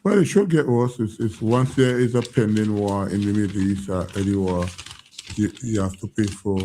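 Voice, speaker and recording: A man's voice: fairly low pitch, normal speed, mellow, a little hiss or hum. A man with a Vincentian accent hosting a radio call-in show, chatting casually with callers and laughing easily.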